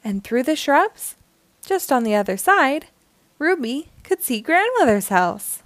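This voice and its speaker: Storytime lady reading a picture book to kids, really slow and singsong, dry close mic. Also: high-pitched, dry recording. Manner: slow, expressive and melodic. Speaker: storytime host.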